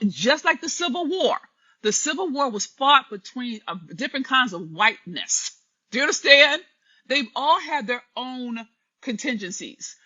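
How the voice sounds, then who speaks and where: A woman's voice: a little high, sharp tone, breathy edge. A woman giving an impassioned, preachy live stream monologue, speaking straight to her listeners. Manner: preachy, emphatic, addresses listeners directly. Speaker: commentator. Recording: dull lo-fi live stream audio.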